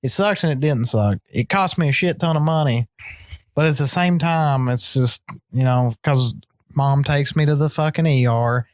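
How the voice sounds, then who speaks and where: A man's voice: mid-range voice, moderate pace, no echo, clean studio sound. Laid-back cursing podcast guy. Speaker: podcast co-host. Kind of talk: casual chat.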